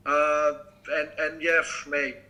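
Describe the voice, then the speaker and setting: A man with a French accent, a guest football fan on a live stream, talking in a halting way as he searches for words. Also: fairly high pitch, level tone, sharp tone, rough recording. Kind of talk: casual chat on a live stream.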